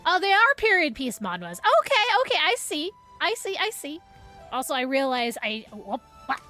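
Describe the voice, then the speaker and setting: High-voiced bubbly woman streamer. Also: sing-song, moderate pace, pushed and bright, soft background music. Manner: bubbly, giggly, chatty with viewers. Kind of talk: casual live-stream chat.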